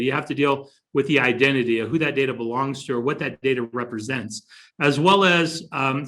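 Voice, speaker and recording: A man's voice: fairly high pitch, a bit bright. A man, a company chief executive, giving an explainer talk in an unscripted way, with frequent fillers and restarts. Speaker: company CEO presenting.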